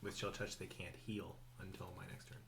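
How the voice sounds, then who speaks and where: A man playing a tabletop game, describing his character's actions in a relaxed, hesitant way. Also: low-pitched, a little fast. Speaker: player. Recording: background noise.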